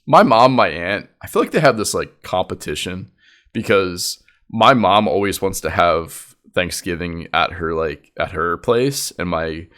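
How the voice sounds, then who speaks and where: A man with a lowish, bright, forceful voice tells a story casually. His pitch swings widely, and he rambles along with lots of filler words.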